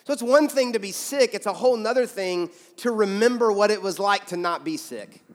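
A man's voice: high voice, animated, brisk. A young man preaching a sermon in a conversational, storytelling way, acting out quotes. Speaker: pastor. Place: large church sanctuary. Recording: hall reverb from church sanctuary.

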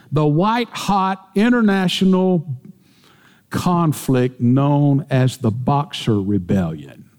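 A man preaching in a church sanctuary, his voice sitting a little high for a man and carrying a long hall reverb. He talks slowly and deliberately, pressing each point with emphasis and rising as he quotes scripture. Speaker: pastor. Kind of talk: sermon.

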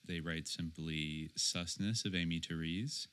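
A man co-hosting a podcast in casual chat, halting with many fillers and restarts. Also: low voice, fairly even intonation, fairly bright tone, smooth. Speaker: podcast co-host.

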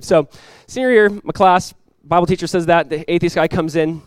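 A young man preaching a sermon as a pastor, telling stories in a casual, animated way with many asides. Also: high-pitched, moderate pace, few pauses, smooth, dry recording.

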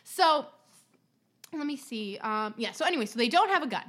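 A woman co-hosts a chatty podcast, laughing easily and swearing as she tells her stories. Her voice is high and bright, and it swings widely in pitch. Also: expressive, normal speed. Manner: giggly, swears freely, puts on voices in anecdotes. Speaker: podcast co-host. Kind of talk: casual chat podcast telling creepy stories.

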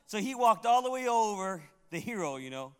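A man's voice: high-pitched, sing-song, fairly quick, a little mellow, clear, resonant tone. A man preaching a sermon as pastor, telling funny stories and laughing at them, in a church sanctuary. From Puerto Rico. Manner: humorous storytelling, laughs at his own tales. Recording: long hall reverb.

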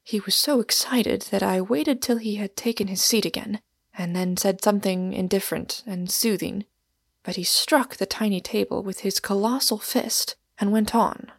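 A woman narrating a novel aloud in a measured, even storytelling manner. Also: medium pitch, creaky, husky, no echo, clean studio sound. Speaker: audiobook reader.

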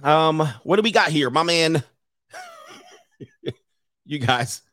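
A man hosts a live stream and reacts to a video with rowdy, mocking commentary. He laughs often and breaks into jeering impressions of the people on screen. His voice sits a little high and the mic sounds dry and close. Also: lively intonation, takes it slowly, a bit bright, dry recording.

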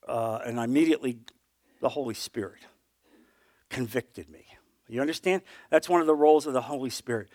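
A middle-aged man leads a Bible class in an earnest, storytelling manner. His voice sits high for a man, and he often drops to a soft, low hush at moving points. The sound is dry and close. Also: no room sound. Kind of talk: conversational Bible teaching with personal testimony.

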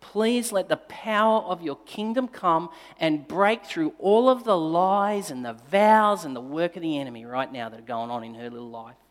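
A male pastor telling a personal story in a sermon, moving between forceful emphasis and quiet, tender passages. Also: fairly high pitch, normal speed, hardly any pauses. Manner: dynamic storytelling, swinging between loud emphasis and hushed, tender delivery. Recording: long reverb of a large hall.

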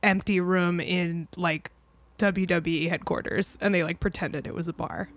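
A woman's voice: on the low side, fairly even intonation, moderate pace, no echo. A woman co-hosting a podcast, chatting casually with many "like" fillers and frequent laughs. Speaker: podcast co-host. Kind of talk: casual chat.

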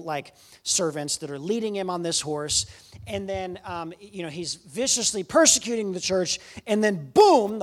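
A man preaching a sermon as a guest speaker, telling stories with animation and swinging between loud and quiet lines. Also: sits high.

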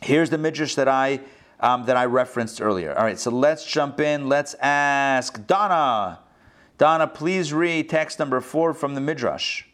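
A man, a rabbi, teaching a class in an animated way, throwing rhetorical questions at his students. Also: mid-range voice, unhurried. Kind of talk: interactive lesson.

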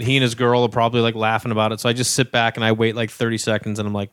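A man's voice: mid-range voice, quick pace, hardly any pauses, clear, resonant tone, no room sound, clean studio sound. A male comedian telling a long anecdote on a podcast, casually, acting out every voice in the story. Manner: animated, acts out every voice in the story. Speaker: guest comedian.

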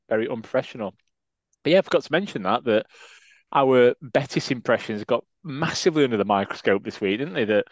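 A man's voice: medium pitch, no echo. A man co-hosting a football podcast, chatting casually with rambling, stammering restarts. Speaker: podcast co-host. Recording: dull, lo-fi dry sound.

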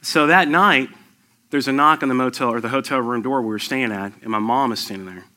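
Delivering an earnest sermon, a man in his thirties recounts his own testimony with mounting emphasis. He talks fairly quickly in a medium pitch, his tone bright and forceful; he is a lay preacher.

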